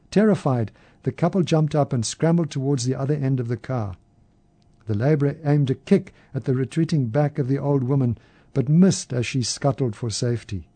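A man narrates a first-person story in a measured, even manner. His voice is dark and mellow. The sound is dry and close. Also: medium pitch, slightly rough, dry recording.

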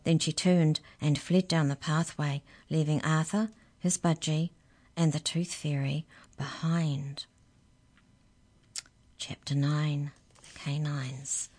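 A woman reading a children's storybook aloud in a measured, unhurried way. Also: sits low, fairly even intonation, darkish tone.

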